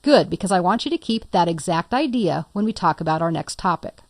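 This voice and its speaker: A woman's voice: lowish voice, animated, fairly quick, a little mellow, no echo, studio quality. A woman instructor talking through a computer tutorial step by step, patient and lightly playful. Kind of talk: screen-recorded software tutorial.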